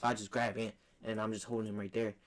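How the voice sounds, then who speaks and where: Young male co-host, fast and low-voiced, rambling slangy storyteller who curses freely. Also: level tone. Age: young adult. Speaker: podcast co-host. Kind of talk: casual storytelling chat.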